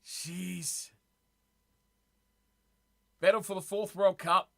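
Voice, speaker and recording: A man hosting a live stream in an easy, chatty way. He talks to his viewers as if they were in the room, repeating words as he reacts. His voice sits high and has a sharp, bright edge. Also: steady tone, drawn-out words, vocal fry. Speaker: streamer reading live chat. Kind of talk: casual live-stream chat.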